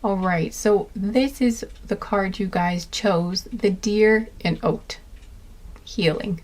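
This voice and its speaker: A woman's voice: mid-range voice, takes it slowly. A woman giving a casual tarot reading, rambling with lots of fillers and restarts, gushing and tender. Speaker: tarot card reader.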